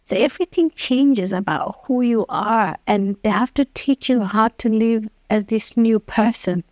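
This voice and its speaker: Interview guest: earnest woman in her fifties, fairly high voice, dry close sound. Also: measured pace, a little mellow, no room sound. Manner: earnest, acts out quoted dialogue. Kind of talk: personal storytelling.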